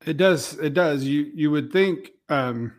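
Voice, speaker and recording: This man's voice sits fairly high and moves a little slowly. Co-hosting a sports podcast, he chats casually, agrees easily, and hesitates with frequent ums.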